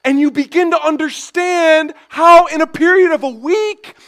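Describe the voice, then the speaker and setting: A man pastor preaching a sermon, building from quiet stretches to loud, emphatic passages. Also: extremely high pitch, moderate pace.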